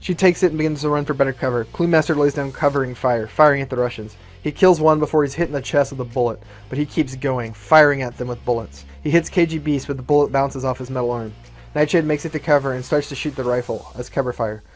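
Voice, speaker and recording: A man reading out his own fan-written action script in a brisk, matter-of-fact way. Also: medium pitch, soft background music. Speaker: storyteller.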